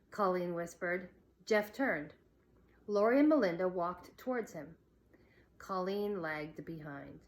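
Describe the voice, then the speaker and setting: A woman teacher reading a children's novel aloud in a slow, deliberate storytelling manner. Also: on the low side. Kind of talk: read-aloud narration.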